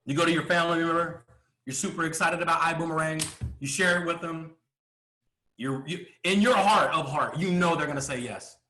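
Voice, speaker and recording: A man giving a motivational business coaching talk, emphatic, asking rhetorical questions and often clearing his throat. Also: a little high, fairly quick, sharp tone, reverberant.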